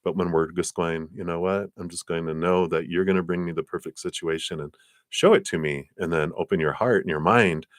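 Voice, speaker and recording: Speaking briskly, a man gives tarot readings during a live stream in a relaxed, spiritual manner full of filler words. He dramatizes quoted lines with large pitch shifts, captured in a dry, clean studio recording.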